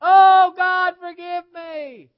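A man's voice: flat delivery, extremely slow, full character voice. A man preacher voicing an elderly woman who sobs and cries out for forgiveness, in a dull lo-fi recording. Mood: wailing. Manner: shrill, sobbing cries.

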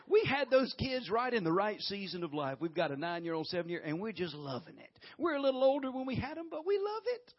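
A middle-aged man with a drawl preaches a sermon, folksy and animated, with a fairly high, husky voice. He keeps breaking into loud laughter. The recording sounds muffled and lo-fi. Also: brisk. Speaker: guest preacher.

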